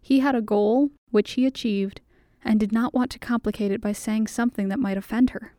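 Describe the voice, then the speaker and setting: A woman narrating audiobooks in a measured, steady reading voice. Her tone is warm and mellow, pitched a little high, and the sound is dry and close with no room around it. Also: no echo.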